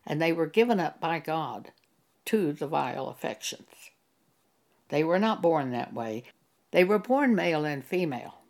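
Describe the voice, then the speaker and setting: Woman preacher, low-pitched and unhurried, earnest sermon delivery with scripture readings. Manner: slow, earnest, reads scripture aloud in King James wording. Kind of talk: sermon monologue.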